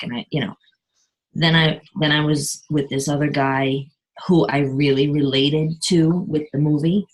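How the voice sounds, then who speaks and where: A middle-aged woman caller sharing on a video call, speaking haltingly and clearing her throat often, heard over poor call audio. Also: low-pitched. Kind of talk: personal sharing on a group call.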